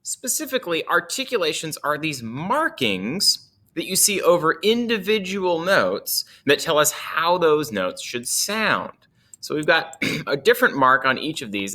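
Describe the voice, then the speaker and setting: Lively, bright-voiced male music teacher. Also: fairly high pitch, a little slow. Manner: lively, playful, chuckles often. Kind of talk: casual music lesson.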